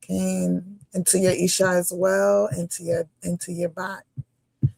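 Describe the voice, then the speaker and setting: Woman reading live comments aloud, gravelly. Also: fairly low pitch, flat delivery, moderate pace, darkish tone, dry recording. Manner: reads comments aloud, laughs often. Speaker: co-host reading viewer comments.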